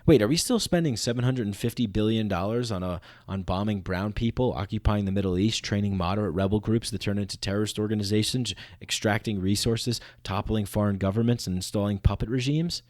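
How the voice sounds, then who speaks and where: A man's voice: fairly low pitch, a little mellow, no echo. Sarcastic man in a dry monologue. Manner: sarcastic, rapid-fire mock voices of the public. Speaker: podcast host. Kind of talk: satirical spoken monologue.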